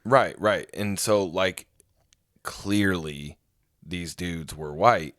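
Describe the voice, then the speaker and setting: A man co-hosting a casual podcast chat, low-key and hesitant, mostly agreeing and sighing. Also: drawn-out words, fairly bright tone, no echo, clean studio sound. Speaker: podcast co-host.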